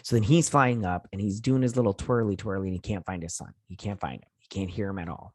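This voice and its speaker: A man with a lowish voice rambles through an episode recap, piling up fillers and acting out quoted lines as he goes. The sound is dry and close, with no room around it. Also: steady tone, fast talker, darkish tone, dry recording. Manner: rambling, filler-heavy retelling with quoted lines and mild cursing. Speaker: host of a TV review channel. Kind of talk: casual episode recap and review.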